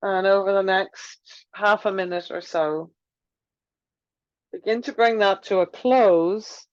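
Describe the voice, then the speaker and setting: Woman, yoga instructor, gentle slow guiding, mid pitch, dry, slightly dull audio. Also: fairly even intonation, no echo. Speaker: yoga teacher. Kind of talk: guided movement class. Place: room with wooden floor.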